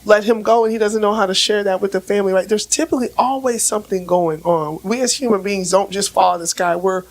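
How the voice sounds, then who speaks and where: A woman with a raspy voice from laryngitis, speaking as a relationship expert on a casual podcast and explaining with everyday examples. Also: medium pitch, fast, poor audio. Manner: explains with everyday examples, frequent "right?" checks; repeats words when starting sentences.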